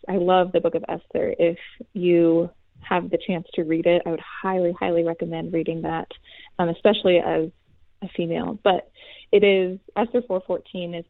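Young female guest, soft and earnest, fry in the voice, dry phone-quality sound. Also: fairly low pitch, dry recording. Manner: soft, earnest, many pauses and fillers. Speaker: guest, former college volleyball player. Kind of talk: heartfelt faith testimony in an interview. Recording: tinny phone-like line.

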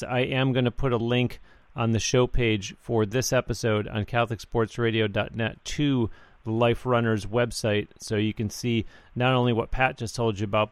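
A man's voice: medium pitch, clear, resonant tone, no room sound. Man, radio host, heartfelt, dry studio sound. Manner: warm-hearted, easily moved. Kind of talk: radio show hosting.

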